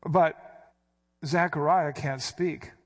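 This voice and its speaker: Higher-voiced man preaching a verse-by-verse sermon. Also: fairly even intonation, very slow. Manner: explains Greek words, acts out quoted speech with emphasis. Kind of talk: expository sermon.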